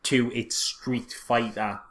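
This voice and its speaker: A man's voice: mid-range voice, steady tone, takes it slowly, noisy background. A man, co-hosting a casual film review chat and mocking scenes with silly character voices. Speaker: podcast co-host.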